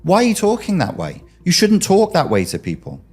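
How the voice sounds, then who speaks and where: A man's voice: high-pitched, huge pitch swings, fairly quick, darkish tone, slightly rough, voice pushed up, exaggerated voice. A man playing an indignant upset young man. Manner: indignant, pleading. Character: upset young man pushing back angrily.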